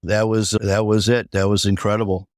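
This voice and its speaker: Man, low voice, podcast guest, personal storytelling, acts out quoted dialogue, dry sound. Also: little pitch movement, normal speed, no room sound. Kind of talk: personal recovery story in an interview.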